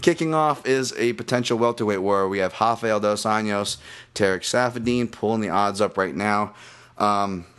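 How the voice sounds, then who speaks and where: A man hosting a fight-analysis podcast, ranting with lots of swearing and restarts, then settling into a calmer betting breakdown. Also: fairly low pitch, normal speed, smooth. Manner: profane, animated ranting with many restarts. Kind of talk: casual ranting podcast talk.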